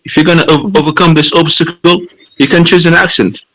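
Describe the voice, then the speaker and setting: A man's voice: a little high, steady tone, brisk, fairly bright tone, low-quality recording. A man taking part in an online discussion over a video call, playful and teasing, calling people mate. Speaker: workshop participant.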